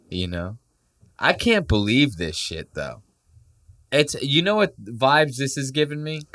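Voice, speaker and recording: A man's voice: medium pitch, a little slow. A man hosting a casual podcast, joking, swearing freely and acting out quoted voices. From Puerto Rico heritage. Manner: profane, animated, jokey, acts out quoted voices. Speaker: podcast host.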